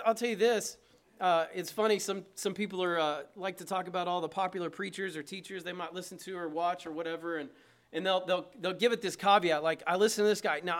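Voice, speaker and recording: A pastor delivers his sermon in a notably high voice for a man. He preaches emphatically and stays conversational, tossing questions and asides to the congregation. He is heard in a church. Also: a bit bright.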